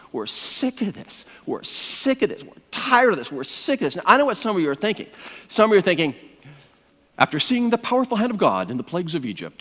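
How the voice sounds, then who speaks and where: A male pastor preaching a sermon in an animated storytelling manner, calling his listeners "my friends", in a church sanctuary. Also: high-pitched, long reverb tail.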